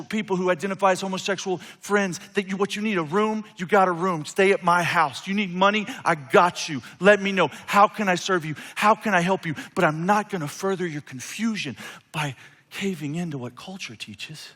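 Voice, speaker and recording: A man delivers a sermon with bright, cutting energy and a slightly high voice. He builds to loud, emphatic peaks, then drops to near-quiet, personal appeals. The long reverb of a large church hall trails each phrase. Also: moderate pace. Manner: impassioned, swings from loud emphatic to quiet intimate. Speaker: pastor.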